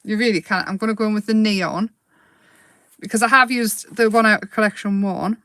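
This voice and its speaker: A woman hosting a casual live craft demo, chatty and quick to giggle as she paints. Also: medium pitch, fairly even intonation, fairly bright tone, dry recording.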